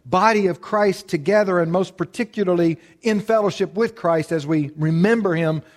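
A man's voice: sits high, normal speed. A man teaching a church Bible class as its pastor, asking questions and answering them himself and repeating key phrases for emphasis.

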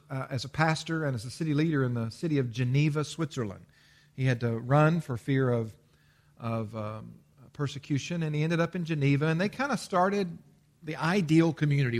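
A man preaching a sermon as a pastor, stressing commands and explaining with everyday examples, with frequent "uh" and restarts. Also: mid-range voice. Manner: emphatic, repeats commands with stress.

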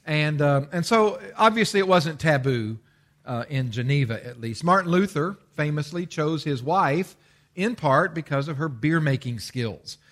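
A man's voice: fairly high pitch, animated, a little slow, fairly bright tone. A man preaching a sermon as a pastor, stressing commands and explaining with everyday examples, with frequent "uh" and restarts. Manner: emphatic, repeats commands with stress.

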